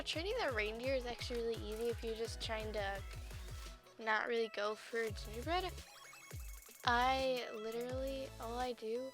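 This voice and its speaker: A young woman with a high voice chats through her gameplay video, easily excited and gushing. Faint music plays underneath. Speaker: gaming YouTuber. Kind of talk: casual gameplay commentary.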